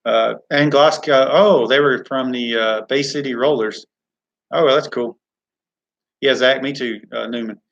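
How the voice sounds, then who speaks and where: A man's voice: medium pitch, steady tone, unhurried, creaky, muffled recording. A man hosting a live chat Q&A from a studio, rambling and reading viewer comments aloud. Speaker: live stream host.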